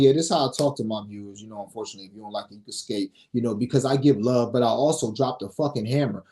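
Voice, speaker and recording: A man's voice: a little high, expressive, quick pace, few pauses, darkish tone. A man hosting a sports betting show, reading picks in a brash, profane, casual way and scolding his viewers.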